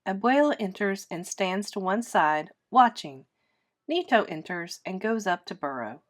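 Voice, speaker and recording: Woman, teacher, reading a play aloud, clear, steady. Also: mid-range voice, unhurried.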